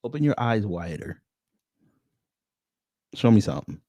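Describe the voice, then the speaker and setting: Animated man mocking a clip. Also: fairly low pitch, a little slow, dry recording, studio quality. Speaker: reaction streamer host. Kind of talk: casual reaction commentary.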